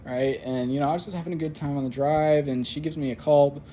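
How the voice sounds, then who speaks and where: A young man talking through a rambling personal monologue, halting and full of fillers and swearing, his voice jumping up into pained outbursts. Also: a little high, steady tone, mellow, a little hiss or hum. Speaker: vlogger.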